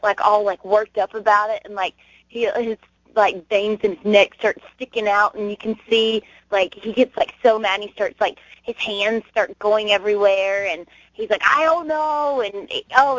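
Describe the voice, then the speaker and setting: A woman's voice: medium pitch, fairly bright tone, dry recording. A young woman being interviewed as a guest, telling rambling stories with lots of giggles and fillers. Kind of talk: casual interview chat. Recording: muffled dry web radio audio.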